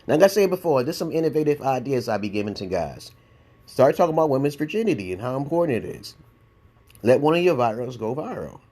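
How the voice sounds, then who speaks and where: In a casual response-video rant, a YouTube commentator in his forties from Brooklyn, New York, rambles bluntly in a New York accent, full of profanity and repeated "okay?". He talks fast and very animatedly in a mid-range, dark-toned voice.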